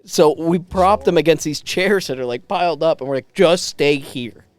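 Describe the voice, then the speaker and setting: A young man in casual podcast chat, telling animated anecdotes and acting out what people said. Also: fairly high pitch, fairly quick. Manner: animated anecdote teller, acts out quotes.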